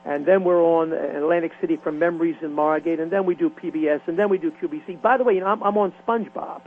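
An older man, a veteran radio disc jockey telling stories in an interview with lively, rhyming patter. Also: a little high, fast talker. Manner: animated rhythmic storytelling, rhyming patter. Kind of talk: storytelling interview. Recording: tinny phone line with faint hum.

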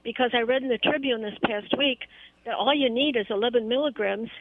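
A woman's voice: a little high, fairly quick, no room sound. Woman calling in over a phone line. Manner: hesitant, with many fillers and restarts. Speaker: caller. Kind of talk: call-in chat. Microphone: telephone.

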